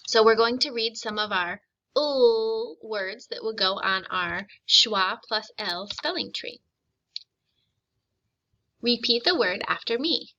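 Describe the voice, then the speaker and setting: A woman teacher talks through a phonics lesson at an unhurried pace, her voice bright and sharp. She sounds out each word with care so young learners can repeat it. The recording is slightly dull and lo-fi. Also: a little high, animated. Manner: slow, deliberate modeling of words for repetition.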